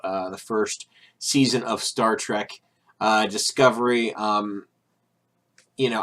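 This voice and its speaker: Bright-voiced rambling man. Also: lowish voice. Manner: rambling, frequent restarts and fillers, irritated sarcastic asides. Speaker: video host. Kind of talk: casual opinion monologue.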